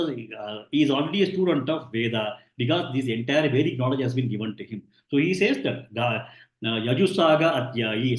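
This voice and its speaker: A man giving a scripture lesson, explaining patiently, repeating himself and pausing often with "uh". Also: mid-range voice. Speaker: scripture teacher. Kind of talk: explanatory lecture. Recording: roomy echo.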